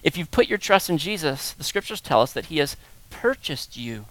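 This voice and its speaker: A man preaching as pastor, swinging between soft, low passages and loud, high-pitched emphasis. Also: big pitch swings, normal speed, dry recording. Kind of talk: sermon.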